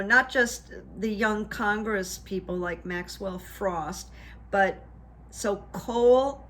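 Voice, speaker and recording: A woman's voice: mid-range voice, slight background noise. A middle-aged woman recapping events in a casual, chatty way, acting out what others said as she goes. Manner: animated storyteller, acts out what others said. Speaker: political commentary vlogger and hypnotherapist.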